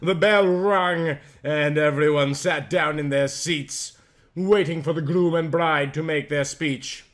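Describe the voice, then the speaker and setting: Male host reading fan fiction aloud with mock gravity, slightly high pitch. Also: steady tone, takes it slowly. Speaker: channel host.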